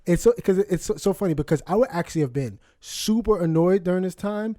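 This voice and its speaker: A man in his twenties with a slightly high voice chats casually on a podcast, stumbling through restarts and breaking into laughter. The recording is dry and close. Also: fast talker, dark tone, no room sound. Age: 20s. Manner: laughing, rambling with many restarts and fillers. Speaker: podcast co-host. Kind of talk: casual chat.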